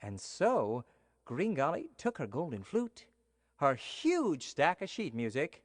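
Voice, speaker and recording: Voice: mid-range voice, huge pitch swings, slow pace. A storyteller reading a bedtime story to children, playful and speaking straight to the listeners. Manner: playful, addresses listeners directly. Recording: long hall reverb.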